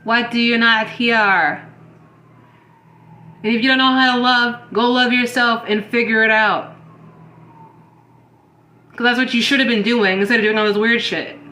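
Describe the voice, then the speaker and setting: A woman's voice: fairly high pitch, fairly even intonation, measured pace, long pauses, bright, forceful tone, roomy sound. A woman giving an intuitive reading to her viewers in a blunt, heated lecture full of swearing. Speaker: spiritual reader.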